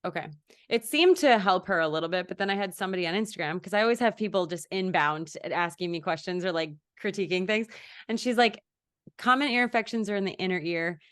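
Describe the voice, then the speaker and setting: A woman hosting a podcast, chatting casually and reacting with quick short agreements. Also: on the low side. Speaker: podcast host. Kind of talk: casual interview chat.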